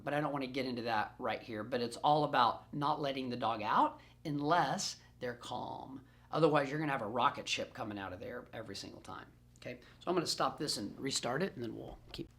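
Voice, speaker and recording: Animated man answering training questions. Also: a little high. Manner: animated, playful, repeats phrases for emphasis. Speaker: dog trainer. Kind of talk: answering questions in a recorded group Q&A. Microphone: self-recorded camera.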